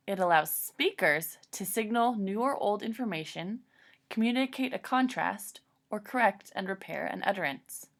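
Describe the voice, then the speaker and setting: A woman's voice: mid-range voice, gravelly. A woman giving a formal, scripted academic presentation about a lesson plan.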